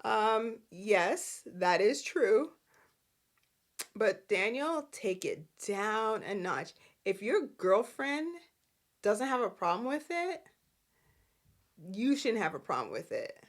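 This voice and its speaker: A woman's voice: medium pitch, takes it slowly. A woman hosting a soap opera recap, chatting casually, laughing often and acting out the characters' lines. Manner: animated, laughs a lot, acts out characters' lines.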